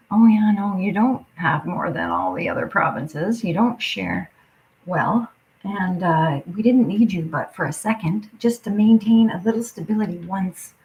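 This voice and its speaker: A woman's voice: medium pitch, low-quality recording. Woman, livestream rant, heavy swearing, drops into whispers, faint hiss behind. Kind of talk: angry profane rant.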